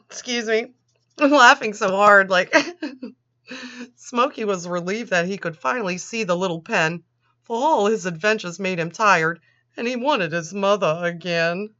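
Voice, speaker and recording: Woman, unhurried, sarcastic storybook reading, swears and laughs a lot, dull lo-fi sound. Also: mid-range voice, pushed and bright. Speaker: channel host reading a storybook. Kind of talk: mocking read-aloud of a children's book with commentary. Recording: dull lo-fi recording.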